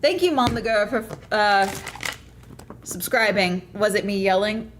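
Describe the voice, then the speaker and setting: A woman's voice: mid-range voice, a little slow, background noise. A woman streamer chatting casually to her viewers, ranting hard and swearing a lot. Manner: ranting, profane, fired up. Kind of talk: casual livestream chat.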